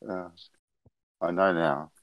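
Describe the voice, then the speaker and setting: A man's voice: low voice, steady tone, takes it slowly, dull audio, a little hiss or hum. A man co-hosting a livestream, teasing and laughing often. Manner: teasing, laughs a lot, dry wit. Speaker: co-host. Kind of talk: casual banter on a livestream.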